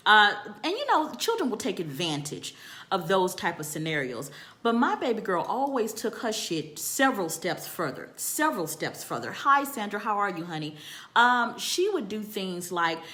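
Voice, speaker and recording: Bright-voiced woman telling a blunt story. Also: lowish voice. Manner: animated, profane, repeats phrases for emphasis. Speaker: storytelling vlogger. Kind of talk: candid profane storytelling.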